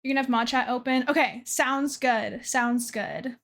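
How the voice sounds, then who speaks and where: A woman's voice: on the high side, steady tone, moderate pace, a bit bright. A young woman streamer chatting casually to her chat from a dim room at her desk, self-deprecating and trailing off with fillers.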